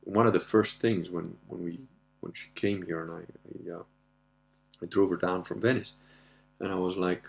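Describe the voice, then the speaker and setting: A man's voice: sits low, steady tone, normal speed, creaky, pauses often. A man hosting a casual question-and-answer show, telling crude, profane stories and laughing often. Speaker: podcast host. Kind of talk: casual Q&A monologue.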